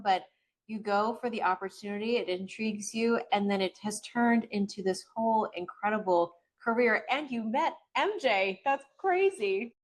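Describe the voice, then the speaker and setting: A woman's voice: mid-range voice, rough recording. A woman hosting a casual interview, encouraging her guest and reacting with short exclamations. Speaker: podcast host.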